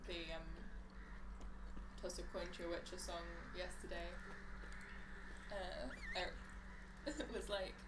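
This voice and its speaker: A woman's voice: lowish voice, steady tone, slow, pauses often. A woman casually chatting on a game stream, laughing between remarks. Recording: roomy mic with clear background noise.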